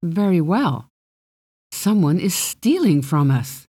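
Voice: medium pitch, very animated, takes it slowly, dark tone, breathy edge, no echo, studio quality, pitched above the performer's own voice, exaggerated voice. A reader voicing a proud, guarded fairy princess who speaks formally and bargains haughtily. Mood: haughty. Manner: arrogant, formal, evasive.

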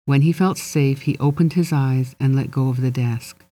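Mellow, steady storybook narrator. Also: mid-range voice, moderate pace. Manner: steady, gently expressive storytelling. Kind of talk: audiobook narration.

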